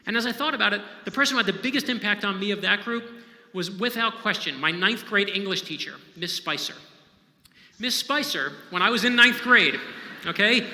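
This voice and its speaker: Bright high-voiced man, echoey hall. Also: fairly quick. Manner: conversational, emphatic, checks in with "right?". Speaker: novelist giving a talk. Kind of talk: inspirational storytelling talk. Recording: echoey hall with long reverb.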